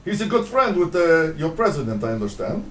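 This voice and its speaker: A man's voice: a little high, big pitch swings, brisk, distant mic, slight background noise. A man putting on a cheeky fake-Russian traveler. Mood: mock-innocent. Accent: put-on Russian. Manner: absurd, playful, breaks into silly song. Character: cheeky male Russian traveler denying he's Russian. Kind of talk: live improv comedy. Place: theater stage. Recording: echoey live stage with music.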